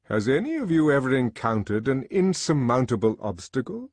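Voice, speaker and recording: A man voicing a stately older male world controller who lectures in a measured, commanding way. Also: mid-range voice, big pitch swings, a little mellow, no echo, pitched above the performer's own voice. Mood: lecturing.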